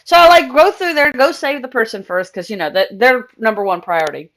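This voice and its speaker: High-voiced chatty woman game streamer. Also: a little fast, a bit bright. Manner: chatty, rambling, laughs often. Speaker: live streamer. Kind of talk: casual live-stream chat while gaming.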